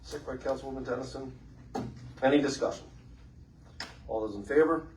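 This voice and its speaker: A man presiding over a city council meeting, calling votes and making announcements in a brisk, businesslike way with casual fillers. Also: medium pitch, a little mellow. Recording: echoey chamber from far off, faint noise.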